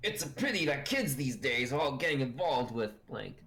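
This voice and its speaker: Мужчина изображает ворчливого старика. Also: male voice, mid-range voice, very animated, a bit bright. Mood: grumbling. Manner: mock-grumbling, drawn-out. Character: grumbling old man complaining about kids.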